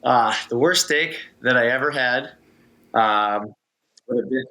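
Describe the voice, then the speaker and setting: Bright-voiced man telling stories. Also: medium pitch, unhurried. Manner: storytelling, easygoing, laughs often. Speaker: guest, former Olympic swimmer. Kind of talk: casual interview chat.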